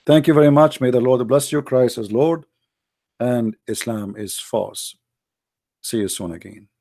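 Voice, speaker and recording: In an unhurried, mellow voice of medium pitch, a man gives a direct-to-camera monologue as an online commentator. He speaks with earnest urgency in basic non-native English, sometimes repeating himself as he searches for words.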